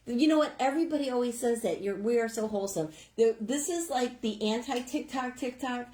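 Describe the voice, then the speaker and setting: A woman's voice: on the high side, a little fast, dark tone, roomy sound. A woman co-hosting a live stream, chatting casually and reading viewer comments aloud.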